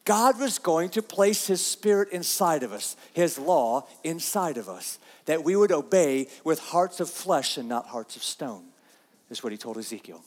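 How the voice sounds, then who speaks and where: A man's voice: a little high, big pitch swings, a little slow, long reverb tail. A man preaching a sermon, earnest and repeating himself, reading scripture aloud. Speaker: pastor.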